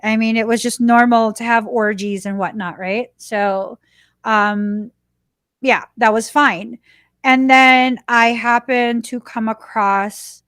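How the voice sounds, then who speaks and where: A woman podcast host telling a personal story in an animated, chatty way, laughing now and then. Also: medium pitch, measured pace, dry recording, studio quality.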